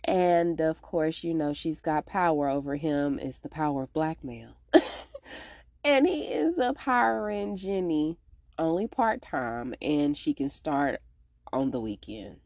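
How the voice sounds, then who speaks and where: A woman hosting a podcast, casually recapping a TV episode in a slangy, animated way and acting out the characters' lines. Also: slow, creaky, dry recording, clean studio sound. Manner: animated, slangy, acts out characters' lines with big pitch jumps.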